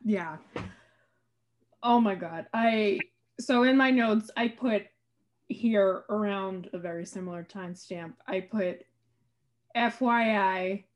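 A woman co-hosting a podcast in casual chat, animated and quick to laugh, speeding up when she gets worked up. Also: mid-range voice. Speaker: podcast co-host.

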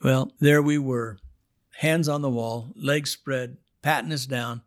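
A man telling his testimony on a podcast, swinging from hushed prayer to loud, dramatic outbursts. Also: mid-range voice, fairly even intonation, slow. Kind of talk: storytelling testimony.

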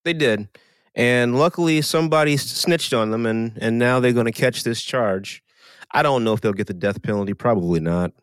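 A man's voice: normal speed, smooth, dry recording. A man co-hosting a casual podcast, rambling and sardonic in his opinions. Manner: sardonic, rambling, sudden pitch swings. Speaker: podcast co-host.

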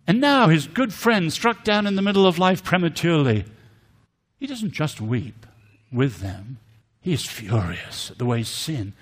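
Older British man, emphatic lecture. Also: mid-range voice. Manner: storytelling, rising to emphatic force on key words. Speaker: conference speaker. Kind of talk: apologetics lecture.

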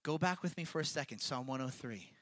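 Preacher, male, mid-pitched and bright, reads scripture then talks it through in a loose, earnest, conversational way. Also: expressive, brisk. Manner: chatty and earnest, checks in with listeners, laughs at the text. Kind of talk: casual conversational sermon with scripture reading.

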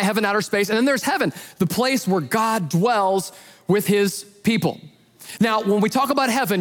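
A male pastor preaches in a light, high-pitched voice, telling stories with lively acted-out voices. His words ring with the long reverb of a large church hall. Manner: animated storyteller who acts out voices in his retellings. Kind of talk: sermon.

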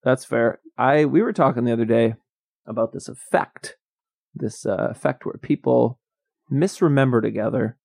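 A man's voice: mid-range voice, normal speed, vocal fry, a little mellow, dry recording, clean studio sound. A young man co-hosting a podcast, rambling and joking in casual chat, laughing often. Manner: rambling, jokey, laughs a lot. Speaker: podcast co-host.

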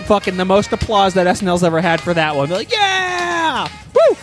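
A man's voice: sits high, fast, faint music behind. A man improvising a crude, rambling comedy story as host, with heavy profanity.

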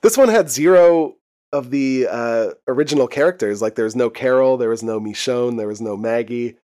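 This podcast co-host is a young man chatting loosely about a TV episode he's recapping, with frequent laughter and plenty of cursing. He speaks at a moderate pace in a medium-pitched, dark-toned voice.

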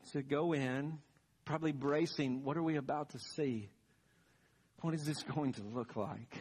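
A man's voice: fairly high pitch, fairly bright tone. A man preaching a sermon as pastor, telling the story dramatically and building to emphatic peaks. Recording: long reverb of a large hall.

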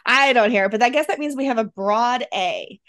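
Chatty high-voiced Western New York woman. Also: brisk, fairly bright tone. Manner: chatty, laughs often. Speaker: podcast co-host. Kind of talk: casual chat.

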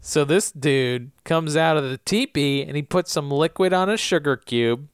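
A man's voice: a little high, normal speed, clear, resonant tone, no room sound, clean studio sound. A man co-hosting a podcast, recapping TV episodes in casual chat and joking as he slips into character voices. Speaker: podcast co-host.

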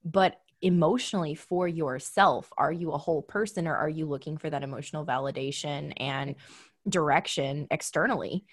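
A woman co-hosting a podcast in casual chat, giving earnest, animated advice. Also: low voice, moderate pace, slightly rough. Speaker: podcast co-host.

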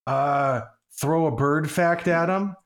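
A man's voice: a little high, slow pace. A man co-hosting a podcast, chatting casually with wry, self-mocking humor. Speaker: podcast co-host. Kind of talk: casual chat.

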